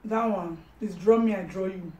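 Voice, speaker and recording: A Nigerian-accented woman chats and teases through a casual mukbang, laughing easily and slipping into pidgin. Her voice sits at a middling pitch. The mic is set back from her in a roomy space with faint background noise. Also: moderate pace, dark tone. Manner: playful, laughs often, teasing, mixes in pidgin. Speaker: vlog host. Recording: roomy sound from a distant mic.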